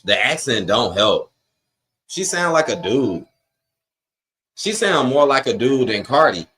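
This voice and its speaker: Casual live-stream host: a man of middle pitch, slangy and blunt, giving frank opinions and talking back to his chat. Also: big pitch swings, unhurried, sharp tone. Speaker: host of a live wrestling watch-along stream. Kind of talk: casual live-stream chat, reacting to a broadcast and reading viewer comments.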